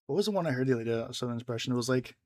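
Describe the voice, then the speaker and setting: A young man giving rambling casual commentary over a game, full of fillers and quick laughs. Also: mid-range voice, lively intonation, no echo. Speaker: gaming video creator.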